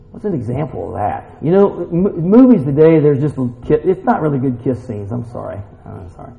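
A man preaching a sermon in a church, animated and swinging from hushed asides to loud exclamations. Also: on the high side, vocal fry. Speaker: pastor. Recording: dull lo-fi recording.

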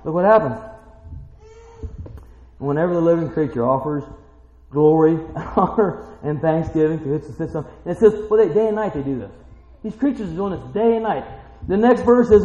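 A man preaching a sermon, shifting from quiet scripture reading to shouted, excited praise. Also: fairly high pitch, moderate pace, long pauses. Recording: echoey hall, dull lo-fi sound.

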